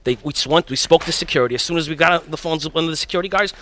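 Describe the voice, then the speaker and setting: A man casually telling a profane, animated story to friends, from Connecticut, acting out the voices of other people. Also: fairly high pitch, rapid-fire, a little hiss or hum. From Connecticut, United States. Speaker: guest poker player. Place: poker tournament venue.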